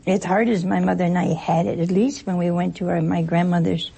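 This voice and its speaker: A woman's voice: fairly low pitch, flat delivery, brisk, vocal fry, mellow, breathy edge, low-quality recording. A woman giving an informal talk to an audience, a folksy, joking storyteller who acts out little exchanges. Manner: acts out short exchanges in other voices. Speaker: speaker addressing an audience. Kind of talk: informal spoken talk with anecdotes.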